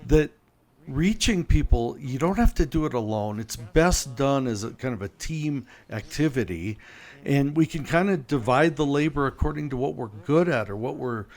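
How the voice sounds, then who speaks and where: An American man, a guest author on a podcast, telling personal stories in a lively, self-deprecating way. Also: medium pitch, normal speed. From United States. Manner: animated anecdotes, self-deprecating humor. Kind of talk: conversational storytelling.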